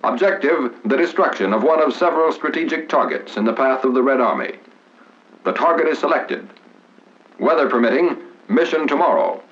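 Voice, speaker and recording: A man giving formal, measured wartime documentary narration in the 1940s style, with dramatic pauses. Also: medium pitch, animated. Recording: dull 1940s film soundtrack with music.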